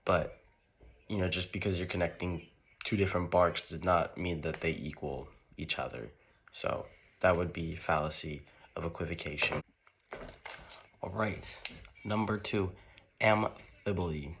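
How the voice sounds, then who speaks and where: A man's voice: low voice, steady tone, unhurried, long pauses, fairly bright tone. A young man giving a loose, rambling lesson, leaning on "like" and restarting his sentences. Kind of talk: casual explainer lesson.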